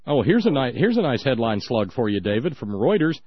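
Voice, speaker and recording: A man co-hosting a political talk radio show, sarcastic and halting, with many fillers. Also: mid-range voice, very animated, slightly rough. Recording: dull dry lo-fi sound.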